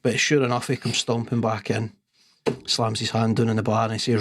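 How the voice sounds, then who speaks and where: A man, co-hosting a sports podcast and telling a long pub joke in an unhurried, deadpan way. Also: fairly low pitch, a little hiss or hum. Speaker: podcast co-host.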